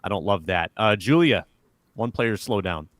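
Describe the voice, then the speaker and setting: A man hosting a casual sports analysis show, brisk, steering the talk between panelists. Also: fairly low pitch, expressive, no echo, clean studio sound.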